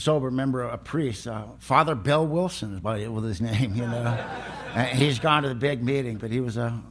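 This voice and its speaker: A man's voice: medium pitch, a bit bright. Older man telling his recovery story plainly. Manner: plain-spoken, emotional storytelling with rough humor. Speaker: recovery meeting speaker. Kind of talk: personal recovery testimony.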